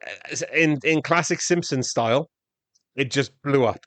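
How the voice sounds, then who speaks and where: Male podcast co-host, mid-pitched, easygoing and amused, dry close recording. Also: measured pace, fairly bright tone, dry recording. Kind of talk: casual film-review chat.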